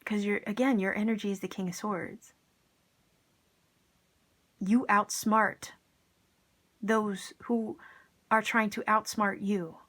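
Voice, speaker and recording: This is a woman giving a casual tarot reading at an everyday, mid-range pitch. She talks straight to her viewers in an enthusiastic, encouraging way and drops in plenty of casual slang. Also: steady tone, slow pace, long pauses, fairly bright tone. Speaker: tarot reader.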